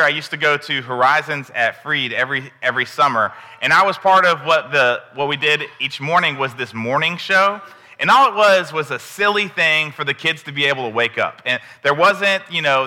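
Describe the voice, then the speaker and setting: A man's voice: a little high, pushed and bright, in a large hall. A man giving a candid, conversational sermon in a church. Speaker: preacher. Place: church sanctuary.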